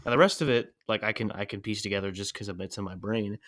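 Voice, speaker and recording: A man's voice: lowish voice, fast, fairly bright tone, no echo, studio quality. A young man co-hosting a film podcast, talking earnestly and loosely with lots of fillers. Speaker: podcast co-host. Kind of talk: casual film chat.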